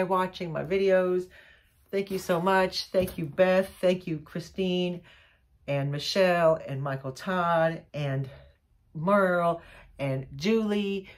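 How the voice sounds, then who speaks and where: A middle-aged woman, gushing and excitable as she chats casually to the camera about a haul. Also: low-pitched. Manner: gushing, excitable, says y'all a lot. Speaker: vlogger showing a haul.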